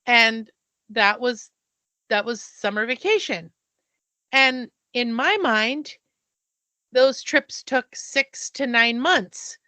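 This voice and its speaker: Middle-aged American woman, podcast co-host; bright, slightly high voice; lively storyteller who restarts her sentences. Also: slow, pauses often, no echo. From United States. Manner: animated storyteller, acts out quoted people; restarts and stumbles mid-sentence. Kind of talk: casual storytelling chat.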